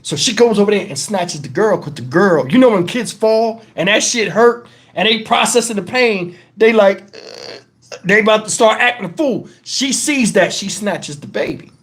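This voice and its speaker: Speaking to camera on his own channel, a middle-aged man from Texas, USA, spins a casual, meandering story packed with asides and profanity. His voice sits high, and he keeps a moderate pace with few pauses.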